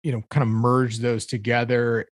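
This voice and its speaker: A man's voice: medium pitch, flat delivery, normal speed, no echo. Man, podcast co-host, casual music chat, rambling, dry room sound. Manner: rambling, searches for words with fillers.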